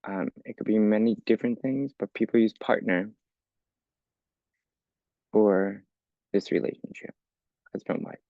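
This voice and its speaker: A man's voice: fairly low pitch, measured pace, long pauses, dry recording, highs cut off. A man teaching an English lesson for learners, explaining patiently step by step and often checking with "okay?". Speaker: ESL teacher.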